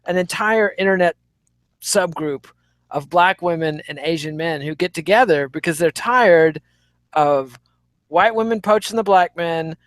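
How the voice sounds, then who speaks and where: A man's voice: a little high, measured pace, dry recording. A man giving wry, opinionated commentary in podcast chat. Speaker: podcast co-host.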